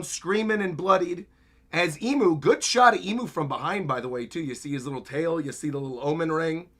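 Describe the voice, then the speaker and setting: A man's voice: sits high, pushed and bright. A man giving casual, upbeat reaction commentary on a livestream, chuckling as he walks through each panel. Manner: upbeat, chuckles often while describing panels. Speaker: streamer reacting to a comic chapter.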